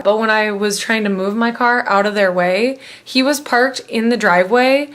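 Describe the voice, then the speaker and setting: A woman's voice: on the high side, moderate pace, fairly bright tone. A young woman telling a casual personal story to camera, rambling and full of fillers. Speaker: vlogger.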